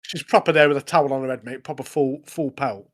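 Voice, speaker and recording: A man's voice: medium pitch, fast. A young man co-hosting a podcast, retelling scenes in a rambling, laughing casual chat. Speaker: podcast co-host.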